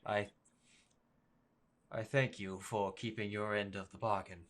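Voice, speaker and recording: A man's voice: fairly low pitch, little pitch movement, unhurried, fairly bright tone. A man voicing a stately male leader who speaks formally and courteously. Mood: gracious.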